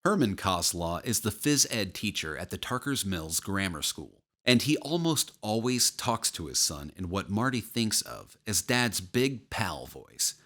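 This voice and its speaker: A male narrator with a lowish voice reads a horror novel in a measured, steady way. His delivery is even and unhurried, carrying the story's quiet dread. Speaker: audiobook narrator. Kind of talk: scripted audiobook narration.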